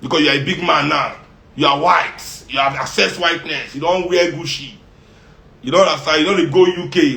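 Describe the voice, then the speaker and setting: Nigerian guy ranting hard, highish voice, mixes in pidgin, lots of echo around him. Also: fairly quick, gravelly, bright, forceful tone. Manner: fiery, mixes in pidgin, laughs often. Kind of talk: impassioned monologue. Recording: roomy echo.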